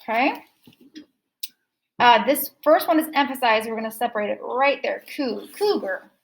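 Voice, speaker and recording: A woman teaching a second grade phonics lesson, slowly repeating words to show which syllable is stressed. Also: a little high, creaky, poor audio.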